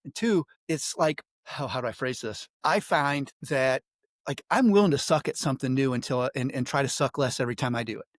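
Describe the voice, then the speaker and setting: A man's voice: mid-range voice, a little fast, dry recording, clean studio sound. A man hosting an interview, talking in a conversational, reflective way. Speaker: interview host. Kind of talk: casual interview chat.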